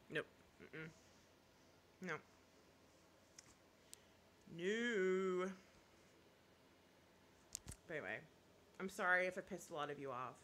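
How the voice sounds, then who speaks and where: A woman's voice: mid-range voice, bright, forceful tone, slight background noise. A woman YouTuber in casual live chat, reading viewer comments and giving blunt opinions, laughing often and apologizing half-jokingly.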